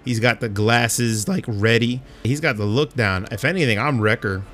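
A man co-hosting a casual fan podcast, talking in a slangy, animated way with many restarts. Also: medium pitch, moderate pace, soft background music. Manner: animated, slangy, stumbles and repeats words. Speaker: podcast co-host.

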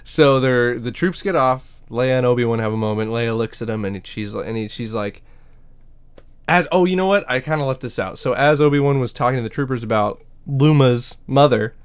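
A man's voice: mid-range voice, moderate pace, smooth. A man retelling a show episode in casual chat, acting out the characters and laughing often. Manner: animated storyteller, acts out characters, laughs often, swears. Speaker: podcast co-host.

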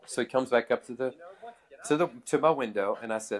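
A man in casual storytelling mode, chatting with a co-host. He laughs often and switches into quoted voices as he replays a conversation. He is relaxed and talkative. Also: mid-range voice, fast talker, a little hiss or hum.

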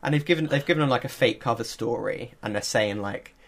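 A man's voice: mid-range voice, fast talker, creaky. Chatty man telling a story. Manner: animated storytelling, many fillers and laughs. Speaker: podcast co-host. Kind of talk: casual chat.

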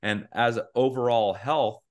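A man's voice: mid-range voice, fairly even intonation, measured pace. A young man co-hosting a podcast in casual chat, earnest and rambling with lots of fillers. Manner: acts out angry quotes in a raised voice. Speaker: podcast co-host.

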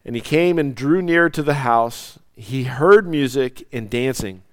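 A man preaching a sermon, swinging from loud, soaring lines down to near whispers. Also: mid-range voice, lively intonation, unhurried, no echo. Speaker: pastor.

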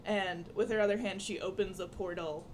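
A woman's voice: medium pitch, steady tone, normal speed. A woman playing a tabletop game, describing her character's actions matter-of-factly, with faint noise behind. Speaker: player. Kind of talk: casual tabletop role-play.

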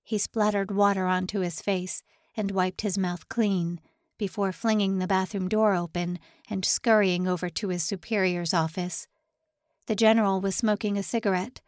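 A woman narrating a suspense novel in a measured, even reading. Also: medium pitch, no room sound, clean studio sound. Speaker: audiobook narrator. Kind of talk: scripted narration.

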